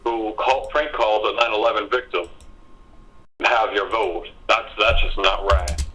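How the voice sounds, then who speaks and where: A man's voice: lowish voice, fairly even intonation, unhurried, pushed and bright, low-quality recording. A man with a Tennessee accent calling into a live show, very polite and forever saying sir. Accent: Southern American, Tennessee. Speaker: caller.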